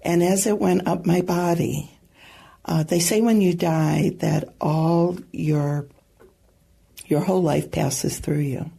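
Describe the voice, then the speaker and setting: Earnest female storyteller with a low, dark, mellow voice; halting delivery. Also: fairly even intonation, vocal fry, husky. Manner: earnest, halting retelling with soft asides. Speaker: guest sharing a testimony. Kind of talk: personal storytelling.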